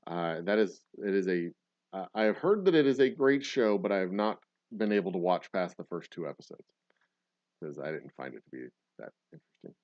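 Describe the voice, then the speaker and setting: Male stream host, low voice, rambling and profane, dry dull lo-fi stream audio. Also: lively intonation, fairly quick, dry recording. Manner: rambling, profane, frequent self-corrections. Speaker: livestream host. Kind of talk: casual live-stream chat reacting to viewer comments.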